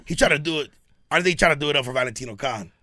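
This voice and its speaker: A man's voice: fairly high pitch, rapid-fire, pushed and bright. A man, co-hosting a podcast in casual chat, telling loose stories full of slang and restarts. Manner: loose storytelling, heavy slang, frequent restarts. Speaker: podcast co-host.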